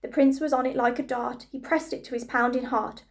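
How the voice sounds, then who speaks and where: A woman reading a rhyming storybook aloud to children with a lively, rhythmic delivery. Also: high-pitched, brisk.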